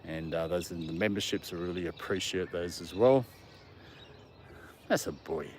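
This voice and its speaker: A man's voice: sits low, moderate pace, darkish tone. A man, chatting casually on a live stream while he walks his dog in a park and talks to it. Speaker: vlogger walking his dog. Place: outdoors in a park. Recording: faint outdoor background noise.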